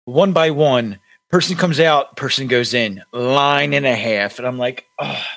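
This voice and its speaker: A man's voice: mid-range voice, measured pace, fairly bright tone. A young man co-hosting a podcast, telling a rambling story with many restarts. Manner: rambling, lots of likes and restarts. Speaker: podcast co-host.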